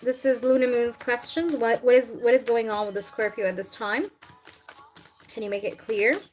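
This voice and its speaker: A woman hosting a casual live tarot reading, chatting with viewers and often clearing her throat. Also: fairly high pitch, level tone, moderate pace, soft background music, rough recording.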